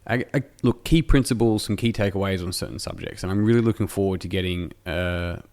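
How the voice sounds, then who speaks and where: A man from Australia hosts a podcast interview, his voice sitting very low. He talks in a loose, rambling way, poking fun at himself as he goes. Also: fairly quick, darkish tone. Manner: rambling, self-deprecating, jokey. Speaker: podcast host. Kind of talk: casual interview chat. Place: indoor room, in person.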